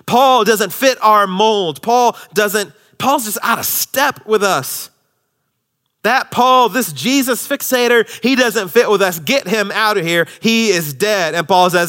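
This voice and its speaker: A male pastor preaching a sermon, swinging from loud, emphatic lines to hushed, near-whispered ones. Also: high-pitched, measured pace.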